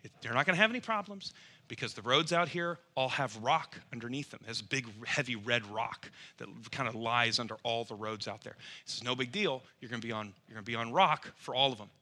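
A man voicing his older grandfather, firmly repeating driving directions in a lower tone. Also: brisk, sharp tone, close to an everyday voice. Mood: instructing. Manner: firm, repeating instructions.

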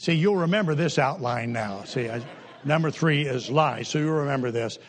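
An older man preaching a humorous sermon in a folksy, joking way, with sudden jumps in pitch and pace. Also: lively intonation, moderate pace.

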